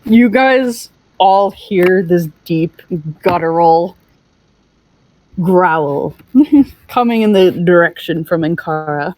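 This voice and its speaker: A woman playing a tabletop role-playing game, narrating her character's actions slowly and deliberately. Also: fairly low pitch, animated, darkish tone, no room sound, low-quality recording. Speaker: player.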